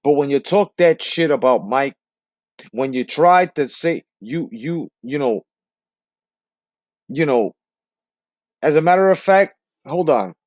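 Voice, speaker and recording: A man's voice: a little high, lively intonation, takes it slowly, long pauses, no room sound. A man hosting a boxing channel, ranting in a profane, emphatic way full of street slang. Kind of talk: casual profane rant.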